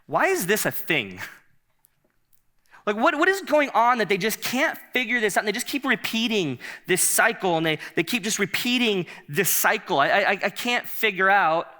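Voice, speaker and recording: Man, pastor, sermon, bright voice, slightly high, chatty and animated, laughs a lot. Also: normal speed, hardly any pauses. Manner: conversational, animated, laughs often, repeats himself.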